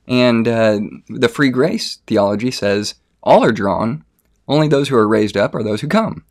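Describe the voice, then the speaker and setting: A man earnestly explaining a theological position in casual talk, often pausing with fillers and restarting phrases. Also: mid-range voice, lively intonation, a little mellow. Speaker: theology debater.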